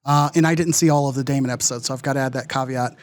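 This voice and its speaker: A man's voice: mid-range voice, fairly even intonation, very fast, no echo. A man co-hosting a sports podcast, talking in a rambling way, filling with "like" and "uh". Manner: rambling, lots of "like" and "uh". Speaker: podcast co-host. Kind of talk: casual sports chat.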